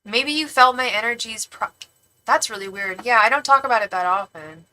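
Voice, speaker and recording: This Bay Area woman, middle-aged, reads tarot and runs a laid-back livestream where she reads viewers' comments out loud. Her voice is bright, forward, and on the high side, with a Northern California accent and a normal pace. Lively and slangy, she leans on "like" and drops some playful curses, all over a rough recording.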